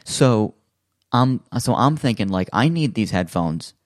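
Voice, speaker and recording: A man's voice: lowish voice, expressive, measured pace, dry recording, studio quality. A man in casual chat, telling a long story with lots of fillers and acting out other people's lines.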